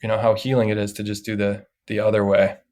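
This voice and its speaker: A man in his thirties telling a story in a casual podcast chat, animated and laughing as he goes. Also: on the low side, fast. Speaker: podcast co-host.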